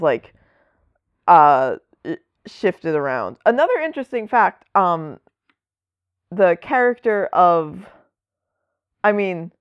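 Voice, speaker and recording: Woman podcast host, slow and lowish, dry dull lo-fi sound, chatty explainer. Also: clear, resonant tone, dry recording. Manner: chatty, explaining at length with asides. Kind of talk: casual chat.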